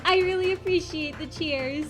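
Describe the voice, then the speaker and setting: A woman VTuber streamer chatting casually on a live stream, gushing and excitedly thanking her chat. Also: extremely high pitch, normal speed, soft background music.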